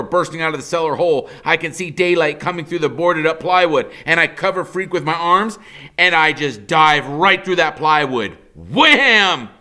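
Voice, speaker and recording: Bright-voiced man reading a novel aloud. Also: on the high side. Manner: dramatic storytelling, rising with the action. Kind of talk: novel read-aloud narration.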